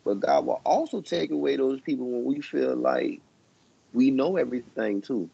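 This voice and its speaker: A man's voice: mid-range voice, normal speed, vocal fry, mellow, husky, dry recording. A man in his thirties, a coach and teacher, giving emphatic, preachy advice on a podcast. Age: 30s. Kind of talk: casual podcast chat. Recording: dull, dry lo-fi recording.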